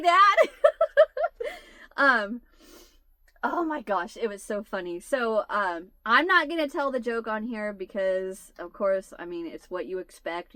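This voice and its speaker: A woman's voice: medium pitch, fairly bright tone, dry recording. A woman in her forties telling a long funny family story to her viewers in casual chat, laughing her way through it. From United States. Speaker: channel host.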